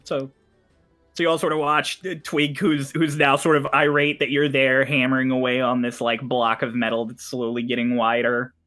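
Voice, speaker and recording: A man's voice: medium pitch, little pitch movement, normal speed, fairly bright tone, soft background music. A man narrating a tabletop game as game master, laughing often and stumbling over his words. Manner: laughs a lot, stumbling restarts.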